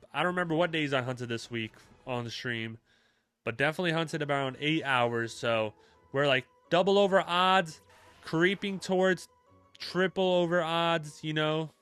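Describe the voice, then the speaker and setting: Chatty young man streaming, bright clear voice. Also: fairly high pitch, a little slow, faint music behind. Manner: relaxed and chatty, talks to chat, many fillers. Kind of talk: casual live-stream chat.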